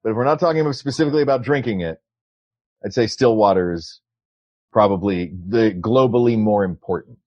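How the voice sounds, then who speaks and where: A man co-hosting a comedy podcast from his home, arguing his points in a playful, deadpan way. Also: on the low side, brisk, no room sound, lo-fi sound. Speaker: podcast co-host. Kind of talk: casual chat. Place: his home, recording remotely.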